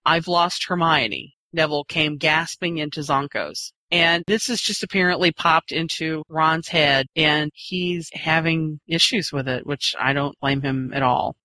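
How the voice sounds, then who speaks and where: Bright-voiced speaker guiding a book chat. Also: mid-range voice, unhurried, few pauses, dry recording. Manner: steers the talk, announces chapters. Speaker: podcast co-host. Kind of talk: casual book discussion.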